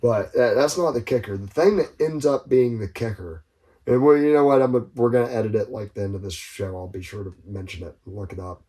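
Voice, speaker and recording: A man co-hosting a casual podcast, telling stories loosely with profane asides and loud bursts when he gets going. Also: fairly low pitch, a little fast. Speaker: podcast co-host.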